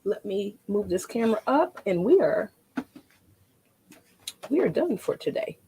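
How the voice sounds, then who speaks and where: A woman's voice: mid-range voice, very animated, unhurried, mellow, a little hiss or hum. A woman demonstrating a painting craft in a chatty, rambling way, often repeating her words.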